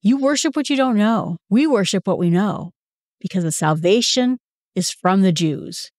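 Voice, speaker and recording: Woman reading an authoritative male teacher, earnest and plain, mid-pitched, dry recording. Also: lively intonation, normal speed, a little mellow, no room sound, lightly acted. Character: calm, authoritative man as a teacher.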